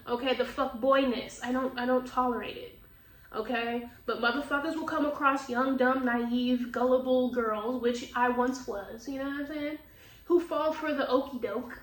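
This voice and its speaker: Steady in tone and speaking at a normal clip, a woman whose voice sits high does a laid-back tarot reading packed with swearing, bluntness, and frequent laughs. Captured on a distant mic in an echoey space with faint noise.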